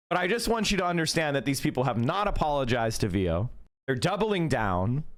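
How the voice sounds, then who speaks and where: A middle-aged man hosting a livestream and ranting indignantly at his chat. He repeats himself and swears often. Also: on the high side. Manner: indignant, repetitive, profane. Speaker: livestream host. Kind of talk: heated livestream rant to chat.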